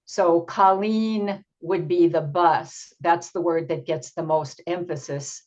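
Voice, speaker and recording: Slow, patient older woman teacher trainer. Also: on the low side, fairly even intonation, darkish tone. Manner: slow, patient explaining with frequent ums. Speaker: teacher trainer presenting a workshop. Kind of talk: online workshop presentation. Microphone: video call. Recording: dull lo-fi video call audio.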